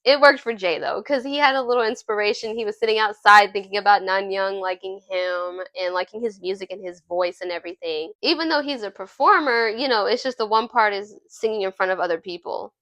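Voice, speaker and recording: A young adult woman reviewing a film in casual chat, animated and chatty, often laughing as she retells scenes. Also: medium pitch, brisk, few pauses, dry recording. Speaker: movie reviewer.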